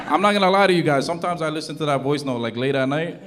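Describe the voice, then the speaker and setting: A man from Toronto doing a stand-up comedy set in front of a live audience, telling his stories in an animated way and acting out the voices of the people in them. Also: fairly high pitch, quick pace, hardly any pauses, crowd noise. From Toronto, Canada. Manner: animated storytelling, acts out quoted voices loudly. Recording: loud audience noise and laughter.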